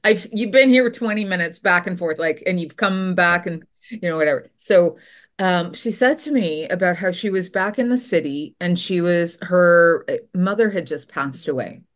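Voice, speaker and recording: A Canadian potter tells stories in a casual interview, animatedly acting out the voices of the people she quotes. Her voice is on the low side, at a normal speed.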